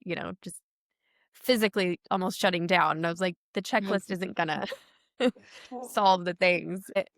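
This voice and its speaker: Smooth-voiced woman host thinking out loud, lots of likes, dry close mic. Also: on the low side, normal speed, no room sound. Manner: reflective, searching, filler-heavy questions. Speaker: podcast host. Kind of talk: conversational podcast interview.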